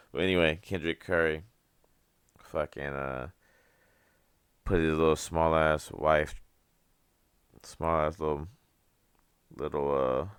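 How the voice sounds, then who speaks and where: A young man hosting a podcast, with a very deep voice, ranting casually and profanely, rambling and laughing at his own jokes. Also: clean tone, no room sound. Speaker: podcast host.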